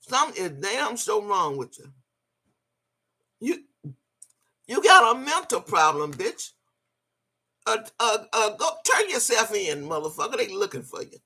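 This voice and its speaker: A woman's voice: mid-range voice, sing-song, a little slow, long pauses, sharp tone, husky. A woman hosting a live stream, answering her chat and scolding a critic in a profane, mocking rant. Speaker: livestream host.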